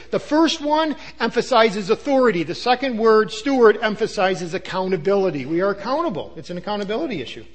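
An older male pastor delivers a lively sermon with a fairly high-pitched voice. He talks in an animated preaching manner, breaking into quick asides and acted-out lines.

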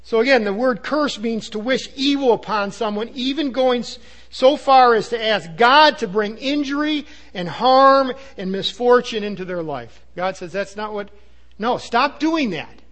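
A man preaching a sermon, earnest and emphatic, sometimes dropping to a low hush. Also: moderate pace. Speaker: pastor.

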